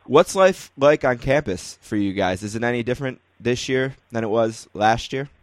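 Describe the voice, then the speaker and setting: A man's voice: mid-range voice, normal speed, no echo. A man hosting a casual interview, asking questions and telling rambling stories. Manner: relaxed, rambling storyteller. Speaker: podcast host interviewing players.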